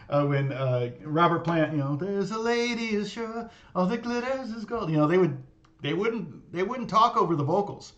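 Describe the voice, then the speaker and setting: A middle-aged man who teaches guitar, talking in a loose, rambling way and laughing often. His voice sits a little higher than most men's. He often stops, restarts and fills gaps with "um" and "uh". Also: fairly bright tone, highs cut off. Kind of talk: casual livestream chat.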